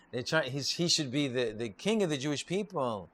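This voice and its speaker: A man's voice: medium pitch, moderate pace, slight background noise. A man, a rabbi, giving an informal Torah class, telling stories and repeating and restarting his phrases. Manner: repetitive, restarts often, lively storytelling.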